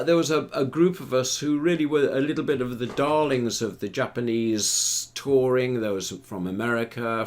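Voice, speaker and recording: An older man, a retired theatre performer, telling long anecdotes about his career in a rambling, relaxed way with frequent fillers. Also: mid-range voice. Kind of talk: relaxed storytelling interview.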